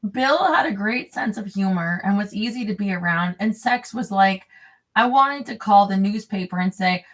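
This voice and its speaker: A woman reads a memoir aloud and keeps wandering off into crude, rambling chatter between passages. Her voice sits a little away from the microphone, so it sounds slightly distant. Her pitch stays in a middle range. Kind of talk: reading a memoir aloud with off-script asides. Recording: voice a bit distant from the mic.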